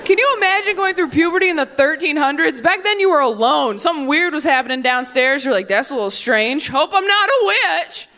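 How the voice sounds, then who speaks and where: A woman's voice: fast talker, few pauses. Brash young woman doing stand-up. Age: young adult. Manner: brash, deadpan, acts out voices with swings up and down in pitch. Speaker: stand-up comedian. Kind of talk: stand-up comedy set. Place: comedy stage with a live audience.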